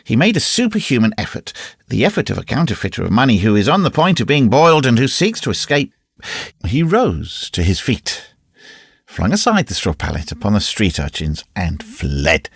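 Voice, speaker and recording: A man reading a classic novel aloud as an audiobook narrator, in an expressive, varied reading. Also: on the low side, moderate pace, creaky, slightly rough, dry recording, studio quality. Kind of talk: scripted narration.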